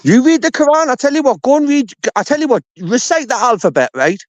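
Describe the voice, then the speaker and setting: A man's voice: very high-pitched, lively intonation, quick pace, dry recording. A man with a Sunderland accent, trading brash, insulting banter in a heated live-stream debate. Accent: Sunderland English. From England. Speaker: debate panelist. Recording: dull lo-fi stream audio.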